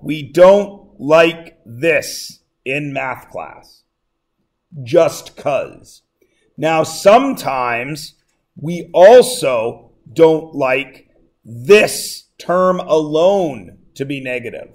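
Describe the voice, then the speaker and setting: A man's voice: fairly high pitch, animated, extremely slow. A male math teacher lecturing a class, joking and often checking that everyone follows. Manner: jokey, keeps checking in with the class.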